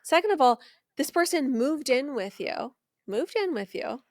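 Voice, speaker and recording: A young woman co-hosting a podcast in casual chat, animated and incredulous, laughing often, close to the mic. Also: sits high, unhurried, no echo. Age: young adult. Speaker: podcast co-host.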